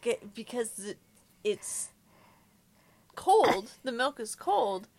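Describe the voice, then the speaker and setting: A woman chatting casually as a podcast co-host, self-mocking and quick with asides. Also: a little high, very animated, a little mellow, no echo. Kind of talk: casual chat.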